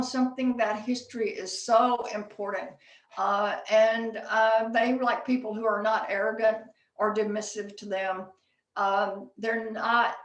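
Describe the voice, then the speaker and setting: A woman's voice: medium pitch, a bit bright. A woman giving a workplace leadership presentation at a chapter meeting, talking conversationally and telling stories with frequent fillers. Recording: echoey room, distant from mic.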